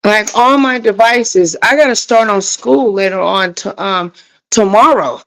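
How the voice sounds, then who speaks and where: A woman's voice: mid-range voice, unhurried, a bit bright, poor audio. A woman hosting a casual livestream, talking straight to her viewers in a frustrated, rambling way. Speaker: livestream host.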